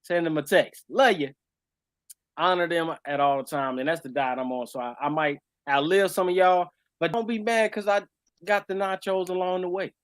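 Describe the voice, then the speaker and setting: A laid-back American man co-hosting a podcast, riffing in a joking, easygoing way. His voice sits a bit high for a man. The sound is dry and close, with no room around it. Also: steady tone, normal speed, smooth, dry recording. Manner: laid-back, joking, lots of "you know what I'm saying". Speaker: podcast co-host. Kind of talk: casual chat.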